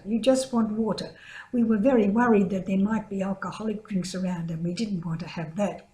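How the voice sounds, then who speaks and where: An older woman with a mellow, soft-edged voice tells a story as part of a spoken reflection. She brings the quoted people to life by raising her pitch. The recording carries a noticeable room echo. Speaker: religious sister giving a reflection. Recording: echoey room.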